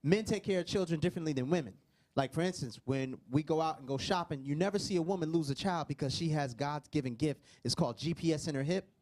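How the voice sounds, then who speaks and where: A man in his forties telling a stand-up joke in a relaxed storytelling way. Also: a little high, fast talker. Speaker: stand-up comedian. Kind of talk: stand-up comedy bit.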